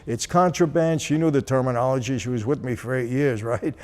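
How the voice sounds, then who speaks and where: A man casually telling a personal story, animated and acting out the dialogue as he goes. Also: mid-range voice, quick pace. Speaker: channel host.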